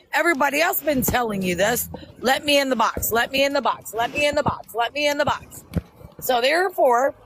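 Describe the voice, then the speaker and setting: On a livestream, a middle-aged woman guest angrily confronts the host, scolding in an insistent, repetitive way. Her voice is high-pitched, and the recording is rough.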